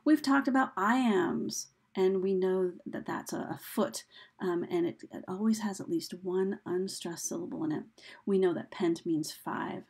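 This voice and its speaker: Woman teacher going slow over a lesson, gravelly and a bit husky, counts things out. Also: mid-range voice, darkish tone. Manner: slow, deliberate, counting beats aloud with fillers. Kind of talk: recorded classroom lecture.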